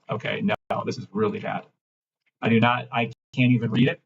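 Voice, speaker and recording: A man hosting a trading livestream, ranting in a brash, mocking, profane way and swinging between loud outbursts and low mumbling. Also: steady tone, brisk, gravelly, slightly rough, muffled recording. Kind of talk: live-stream rant and chart reading.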